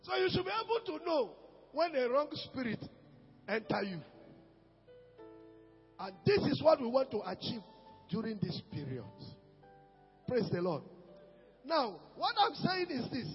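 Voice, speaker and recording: A man preaching as a pastor, swinging between shouts and low murmurs. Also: big pitch swings, unhurried, long pauses. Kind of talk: sermon. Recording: echoey hall with dull sound and music.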